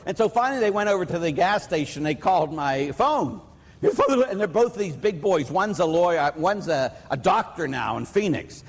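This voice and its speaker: A slightly high-voiced male priest from Pittsburgh, telling stories in an easygoing sermon. His voice rings out into a long reverb, as in a large church. He talks plainly and anecdotally, with everyday turns of phrase. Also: big pitch swings, moderate pace, gravelly. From Pittsburgh, USA. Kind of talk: conversational sermon.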